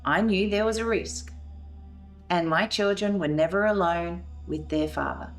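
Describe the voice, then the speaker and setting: Woman recounting a painful memory, soft music. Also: fairly low pitch, unhurried. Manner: emotional, re-enacting scenes with rising voice. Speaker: veteran's wife telling her story. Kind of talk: documentary interview.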